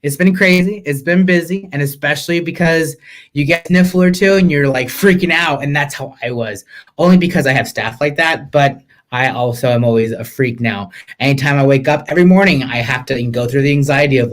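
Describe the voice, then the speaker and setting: A man's voice: on the high side, a little fast. A man hosting a casual live-stream podcast, sassy and chatty, calling viewers "sis" and slipping in Spanish words. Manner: expressive, mixes in Spanish words. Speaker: podcast host, chef.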